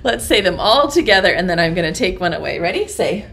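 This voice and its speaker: A woman preschool teacher leading an online circle time lesson, talking in a slow, sing-song and encouraging way with bright gasps and stretched words. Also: lowish voice, very animated, creaky.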